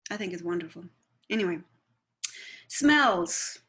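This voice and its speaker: A woman's voice: fairly low pitch, expressive, a little slow, fairly bright tone. A woman who works as a spiritualist medium, talking in a chatty, rambling way and often checking with "right?". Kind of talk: conversational talk.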